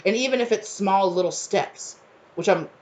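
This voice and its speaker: A woman's voice: medium pitch, moderate pace, a little mellow. A woman giving a collective tarot reading in an effusive, rambling way, full of fillers and restarts and spiritual talk. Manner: emotional, spiritual. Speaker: tarot reader.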